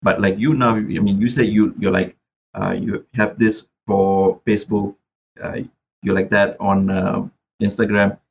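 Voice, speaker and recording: Gravelly low-voiced Malaysian man. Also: flat delivery, unhurried, lo-fi sound, slight background noise. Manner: reflective, repeats words while thinking. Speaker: rapper and podcast guest. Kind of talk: casual interview chat.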